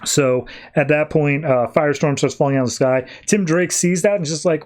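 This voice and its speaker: A man hosting a podcast, casually recapping comic book stories in an animated way, slipping into quoted dialogue. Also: a little high, moderate pace, few pauses. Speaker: podcast host.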